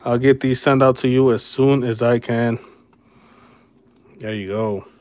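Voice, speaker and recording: A man's voice: mid-range voice, steady tone, unhurried, a little mellow. A man hosting a casual livestream card break, laid-back and friendly with viewers, calling them brother and man. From Chicago area.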